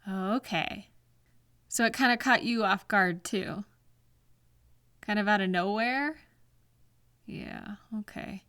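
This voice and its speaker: Woman, slow and gentle, patient girlfriend voice for whispered role-play, dry close mic. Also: mid-range voice, smooth, dry recording. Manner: soft, gentle, patient questioning.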